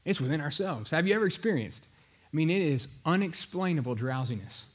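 Animated preacher man. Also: a little high, a little fast. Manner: conversational, animated storytelling. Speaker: pastor. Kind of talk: sermon.

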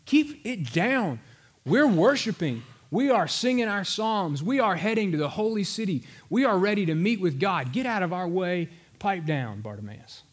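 A man voicing an impatient crowd of pilgrims telling a beggar to be quiet. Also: high-pitched, very animated, moderate pace, slightly rough, pitched above the performer's own voice, exaggerated voice. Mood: dismissive. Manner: dismissive, hushing.

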